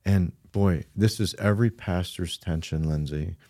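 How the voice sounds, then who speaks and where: A man's voice: deep voice, normal speed, warm tone, dry recording, studio quality. A man who co-hosts a church podcast as a pastor, speaking earnestly and adding emphasis to key points in casual conversation.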